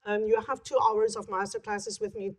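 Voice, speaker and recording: A woman's voice: mid-range voice, fairly even intonation, normal speed. A middle-aged woman from South Africa, with a South African accent tinged by some American vowels, giving a conference lecture on a clip-on mic with chatty, self-deprecating asides. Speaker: keynote speaker and voice teacher.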